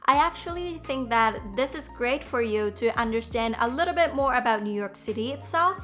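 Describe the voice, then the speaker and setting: A young Japanese woman with a clear Japanese accent talks to camera in a quick, cheerful vlog manner. Her voice sits a touch high, with soft music playing faintly behind her. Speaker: YouTube host, graduate student. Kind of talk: casual vlog talk.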